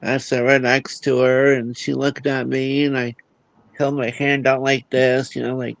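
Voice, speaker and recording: A grieving man speaks slowly and haltingly in a gravelly voice, stumbling over and repeating his words. His pitch barely moves, staying flat and heavy throughout. The sound is close and dry, with no room around it. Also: no room sound, highs cut off. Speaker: livestream guest. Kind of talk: casual video call chat.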